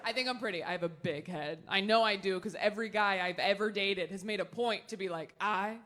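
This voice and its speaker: A woman in her thirties doing stand-up comedy and crowd work, quick and sarcastic, with laughing asides. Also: mid-range voice, background noise. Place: large theater with audience. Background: audience laughter.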